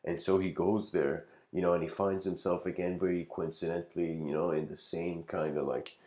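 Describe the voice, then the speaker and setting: A man's voice: sits low, little pitch movement, normal speed, dark tone. A man giving a casual lecture, telling a story in a rambling way with lots of filler words and frequent chuckles.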